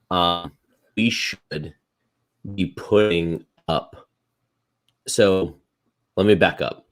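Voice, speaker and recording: A man co-hosting a casual live-stream show, teasing his partner and explaining plans at length. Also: sits low. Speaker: podcast co-host.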